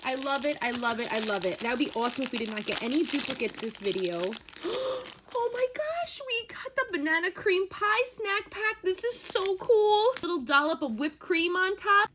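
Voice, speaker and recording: A woman's voice: very high voice, normal speed, noisy background. A young woman hosting a toy unboxing, gushing and gasping with delight as she talks casually to her viewers. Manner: gushing, excitable, gasps and squeals of delight.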